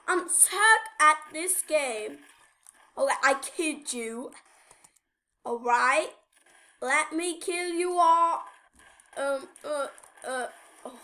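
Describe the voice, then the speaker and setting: A woman's voice: sits high, slow, pauses often, bright, forceful tone. A woman giving casual gameplay commentary to her viewers, playful and full of whiny complaints about the game. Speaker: gameplay video host.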